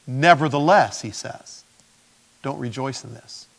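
A man preaching a sermon as pastor, animated and acting out quotes in lively voices. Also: medium pitch, a little slow, vocal fry. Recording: long hall reverb.

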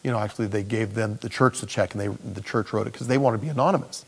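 A man preaching as a pastor, telling personal stories in an animated way. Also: on the low side, fast, vocal fry, slightly rough. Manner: animated storyteller. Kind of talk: sermon with personal storytelling.

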